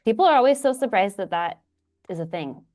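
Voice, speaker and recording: A woman's voice: on the high side, expressive, fairly quick, darkish tone, soft background music. A woman co-hosting a livestream, upbeat and encouraging, chatting casually and laughing easily. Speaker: livestream co-host. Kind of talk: casual chat.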